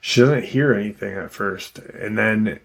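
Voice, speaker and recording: A man's voice: fairly low pitch, measured pace, gravelly, fairly bright tone. A man casually retelling a frightening encounter as a channel host, unscripted, with plenty of "um" and "you know" along the way. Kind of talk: casual storytelling narration.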